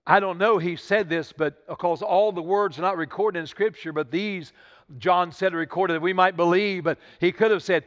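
Preaching from a church sanctuary, an older pastor speaks at normal speed in a high, fairly bright voice. He keeps repeating and restarting phrases, Southern-style, as he builds toward his point. The livestream recording sounds dull and has long hall reverb.

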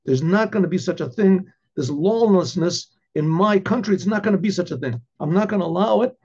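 Guy doing an angry king, gravelly, high-pitched, dull muffled recording. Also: brisk, darkish tone. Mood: reassuring. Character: indignant king, older man, commanding.

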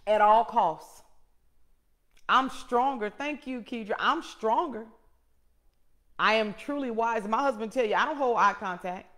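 A middle-aged woman hosting her own show, preaching a personal testimony in an emphatic way that swings from loud to hushed. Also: fairly high pitch, a little slow, long pauses. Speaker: host and motivational speaker.

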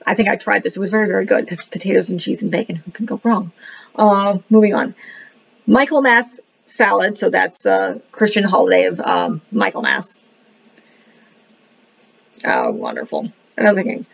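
A woman with a medium-pitched, gravelly, slightly rough voice speaks expressively at a moderate pace. She rambles through a casual book review, thinking aloud as she leafs through the pages and saying "what the heck" a lot. The recording is dull and lo-fi.

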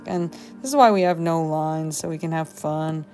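A teacher with a deep, darkish voice muses to herself at a normal pace while writing a demonstration journal entry for her students. Soft music plays in the background.

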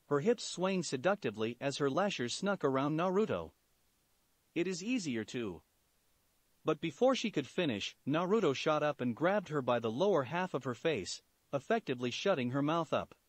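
A man narrating a fan fiction story in an animated storytelling manner. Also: on the high side, a little fast, no echo. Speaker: story reader.

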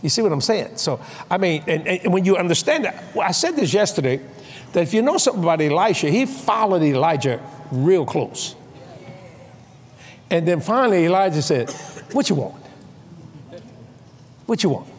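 Animated older preacher, high lively voice. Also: male voice, brisk, slight background noise. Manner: animated, acts out voices with shouts and laughs. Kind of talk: sermon with comic storytelling. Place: large convention hall.

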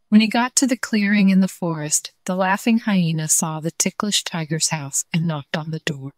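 A woman storyteller reading a children's story aloud in a gentle, clear way. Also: on the low side, normal speed, hardly any pauses, no room sound, studio quality.

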